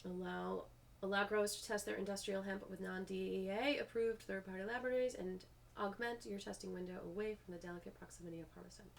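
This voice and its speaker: A woman's voice: medium pitch, fairly even intonation, fast talker, gravelly. A woman hosting a video, reading public comments aloud and breaking off with frustrated asides of her own.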